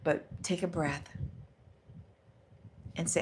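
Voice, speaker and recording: A woman hosting a live stream, giving a casual motivational talk with animated self-talk. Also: fairly low pitch, moderate pace, background noise. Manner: warm, animated self-talk, sometimes laughing. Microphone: microphone close by.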